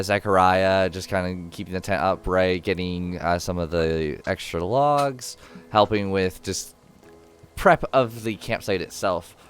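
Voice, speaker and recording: A man narrating a tabletop role-playing game as game master, describing scenes in a casual, halting way with many fillers. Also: low voice, fairly bright tone, clean tone.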